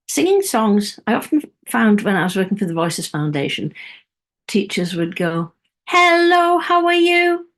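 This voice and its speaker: A woman's voice: mid-range voice, slightly rough. A woman music teacher giving a webinar, chatty and demonstrative, dropping into sung and whispered examples.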